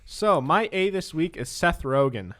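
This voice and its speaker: A man's voice: fairly high pitch, expressive, unhurried, a bit bright. A young man co-hosting a podcast, chatting casually and laughing as he reads comments aloud. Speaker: podcast co-host. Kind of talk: casual chat.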